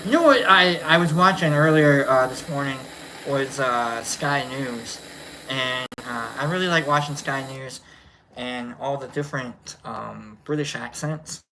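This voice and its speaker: A woman's voice: rumbling low, measured pace, bright, forceful tone, a little hiss or hum. A woman hosting a casual solo stream, rambling and playful, often repeating herself. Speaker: host.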